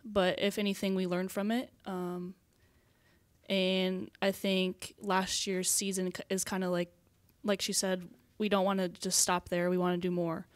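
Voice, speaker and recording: A young woman athlete answers at a press podium in an earnest, halting way. Her pitch stays fairly flat, and the sound is dry and close to the mic. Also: no room sound. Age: young adult. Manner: earnest, halting, many ums. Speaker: college basketball player.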